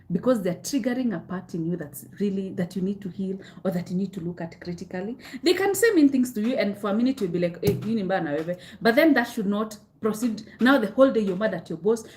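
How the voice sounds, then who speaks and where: A young Kenyan woman hosting a live self-help stream, answering viewers' comments candidly and repeating her advice, with Swahili phrases mixed in. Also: medium pitch.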